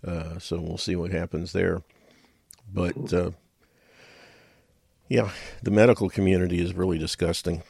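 A man's voice: deep voice, flat delivery, a little slow, creaky, pauses often, darkish tone, slightly rough, no room sound, clean studio sound. A middle-aged man hosting a radio talk show, rambling in a folksy way with chuckles and muttered asides.

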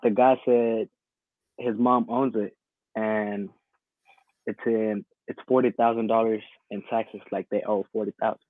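A man's voice: fairly low pitch, little pitch movement, measured pace, no echo. A man calling in to a live stream, telling his story casually with many hesitations. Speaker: caller. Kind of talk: casual call-in chat. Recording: tinny phone-like call audio.

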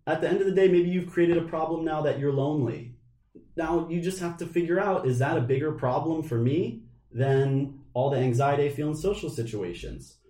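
A man's voice: a little high, a little fast, mellow, roomy sound. A man co-hosting a podcast, rambling casually and laughing often. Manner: rambling, laughs often, puts on silly voices. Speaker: podcast co-host.

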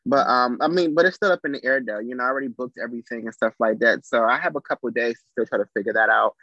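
A man chats as a comedian guest, animated and joking, dropping "you know" constantly. His voice sits at an ordinary pitch. The recording is dull and lo-fi, with a dry, close sound. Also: very fast, no echo. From Trinidad and Tobago. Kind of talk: casual interview chat.

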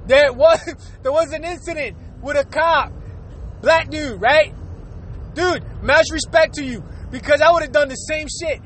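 Male podcast host with a notably high voice, loose and profane, laughing through his rant. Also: unhurried, fairly bright tone, a little hiss or hum. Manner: laughing often, swearing, filler-heavy.

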